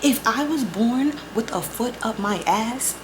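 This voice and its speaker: A young woman vlogger telling a story in a casual, profane, animated way, acting out both sides of the conversations. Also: on the high side, measured pace, background noise. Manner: profane, animated storytelling with quoted back-and-forth.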